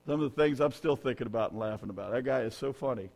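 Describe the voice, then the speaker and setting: A man preaching a sermon, telling humorous, folksy stories and rising to loud, emphatic peaks. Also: medium pitch, fast, gravelly. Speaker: pastor.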